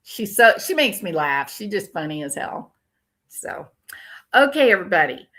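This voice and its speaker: A woman's voice: mid-range voice, sing-song, normal speed, sharp tone. An older woman hosting a casual true crime commentary livestream, ranting and reacting to viewer comments as they come in.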